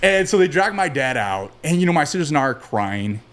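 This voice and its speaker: A man guest on a podcast, telling stories from his childhood in a relaxed, rambling way, with many fillers and restarts. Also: fairly high pitch, fairly quick. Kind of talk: casual storytelling interview.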